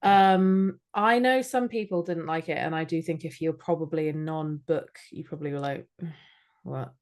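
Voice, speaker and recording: Woman in her thirties from Scotland, casual podcast chat, lowish voice, laughs at herself. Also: normal speed. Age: 30s. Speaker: podcast co-host.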